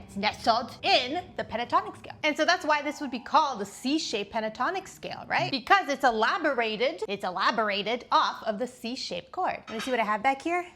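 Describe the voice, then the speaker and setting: A woman's voice: a little high, a bit bright. A woman teaching guitar in a casual, playful video lesson, explaining step by step with a chatty manner.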